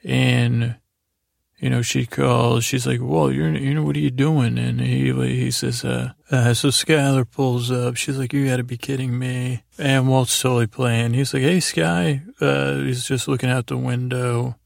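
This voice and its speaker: A man's voice: mid-range voice, little pitch movement, unhurried, creaky, no echo, studio quality. A man hosting a sleep podcast, loosely retelling TV scenes in a meandering bedtime ramble.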